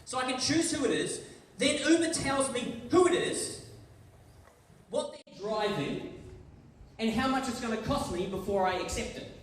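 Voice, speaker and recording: A New Zealand man speaks as a guest at a school worship talk in a large hall, chatting and acting out little scenes in different voices. His voice is extremely high with lively intonation, a moderate pace, and long pauses, and the distant, echoey recording carries a little hiss or hum.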